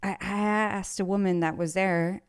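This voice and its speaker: A woman's voice: medium pitch, steady tone, unhurried, clean tone, dry recording, clean studio sound. A woman guest on a talk show, chatting casually and acting out the people she quotes, laughing often. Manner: bubbly, laughs a lot, acts out quoted people. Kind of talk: casual storytelling.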